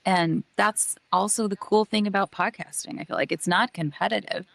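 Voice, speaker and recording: A woman's voice: medium pitch, fairly even intonation, normal speed, creaky, fairly bright tone, no room sound. A woman co-hosting a podcast, reassuring and thinking aloud as she talks. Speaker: podcast host. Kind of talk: casual podcast conversation.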